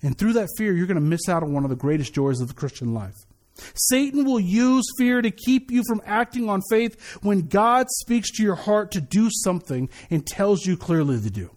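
A male pastor preaches his sermon in a lively, conversational style, often repeating words as he starts his sentences over. His voice is high-pitched and he speaks at a normal speed.

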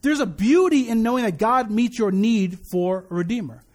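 A middle-aged man pastor preaching a sermon, an animated, joking storyteller who repeats his key points. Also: high-pitched, normal speed.

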